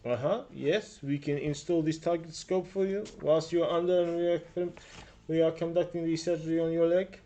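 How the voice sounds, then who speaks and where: A shrewd, businesslike female doctor in a tabletop game, speaking with a put-on Russian accent, as a man puts her on. She talks formally with many small hesitations, in a pitch that sits a little high and a dark, mellow tone. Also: steady tone, fairly quick, natural voice.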